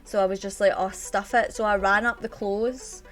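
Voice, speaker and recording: A woman's voice: mid-range voice, steady tone, normal speed, a bit bright, faint music behind. A woman with a Scottish accent chatting on a live stream, telling a rambling story and greeting her chat viewers as she goes.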